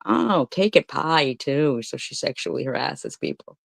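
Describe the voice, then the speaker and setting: A woman's voice: deep voice, lively intonation, measured pace, vocal fry, no echo. A woman streamer heckling a played clip with blunt, profane, mocking retorts. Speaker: commentary streamer. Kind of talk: heckling commentary.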